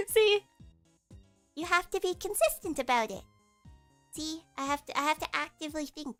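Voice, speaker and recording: A woman streaming, her voice sitting a little high with a nasal edge. She chats casually and explains things at length. Soft background music plays faintly behind her. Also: lively intonation, a little slow, pauses often. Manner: chatty, explains with vocal demos.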